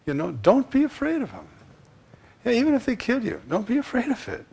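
Man, sermon, gravelly voice, husky tone, loud emphasis and near-whispered asides. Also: very high-pitched, wildly swooping pitch, a little fast. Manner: dramatic swings between loud emphasis and hushed asides. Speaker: preacher.

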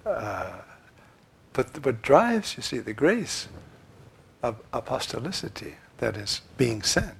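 A man preaching a sermon, swinging from loud, emphatic lines to hushed asides. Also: mid-range voice, big pitch swings, slow pace, gravelly, a little hiss or hum.

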